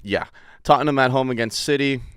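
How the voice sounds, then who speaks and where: A man hosting a casual podcast chat, running segments briskly. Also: medium pitch, fairly bright tone, clean tone, dry recording, studio quality. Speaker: podcast host.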